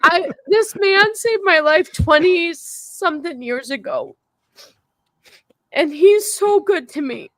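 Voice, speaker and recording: A woman's voice: very high voice, lively intonation, takes it slowly, fairly bright tone, no echo. A middle-aged woman hosting a podcast, tipsy and teary, talking in an emotional, rambling way and repeating herself. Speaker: podcast host. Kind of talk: casual drunk chat on a stream.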